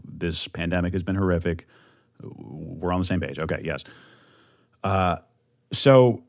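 A man's voice: on the low side, no echo, clean studio sound. A young man hosting a solo podcast, talking in an amped, rambling way with lots of swearing and restarts at a desk mic. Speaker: podcast host.

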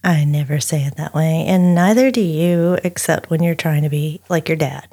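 A woman with a drawl narrates a researched true-crime case for her podcast. Her voice sits a little low, and she reads steadily but breaks off for friendly back-and-forth with her co-host. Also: moderate pace, husky. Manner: steady storyteller reading researched notes, chatty asides.

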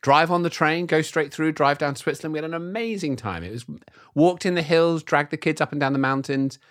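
A man's voice: fairly high pitch, brisk. English man, podcast host, casual chat, upbeat, laughs a lot. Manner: laughs often, chatty and upbeat.

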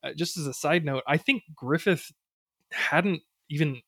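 A man's voice: on the high side, unhurried, sharp tone, no echo, studio quality. A man co-hosting a podcast in casual chat, emphatic and jokey, swearing freely. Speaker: podcast co-host.

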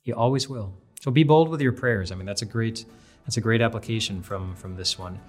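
A man with a fairly low voice preaches a daily devotional in an earnest, conversational way. He often restarts his phrases as he goes. Soft music plays faintly behind him. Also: a little fast. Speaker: pastor. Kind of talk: devotional sermon.

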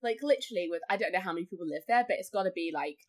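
Speaking rapid-fire in a low-leaning, expressive voice, a woman chats casually as a podcast guest. She says "like" constantly and frequently performs other people's voices.

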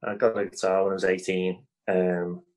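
A man's voice: deep voice, little pitch movement, normal speed, a little mellow, poor audio. A man from Liverpool with a Scouse accent, chatting as an interview guest, rambling with lots of fillers and restarts and laughing easily. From Liverpool, England. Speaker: improv comedy guest. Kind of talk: casual interview chat over video call.

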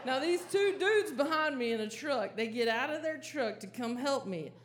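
Woman doing animated stand-up. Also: high-pitched, normal speed. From American South. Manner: animated storytelling, frantic acted-out panic. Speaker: stand-up comedian. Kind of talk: stand-up comedy set. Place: comedy club stage with audience laughter. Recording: audible live crowd ambience.

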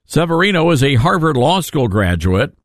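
Male talk host, sarcastic, rambling, lively swooping pitch, fairly high voice, dry close sound. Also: normal speed, no echo. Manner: animated, sarcastic, rambling asides. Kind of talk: casual opinion commentary.

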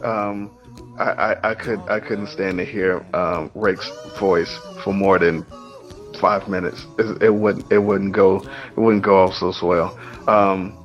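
A man answering an interview question in a halting, self-correcting way. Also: on the low side. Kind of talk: casual street interview answer. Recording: dull lo-fi recording, faint music.

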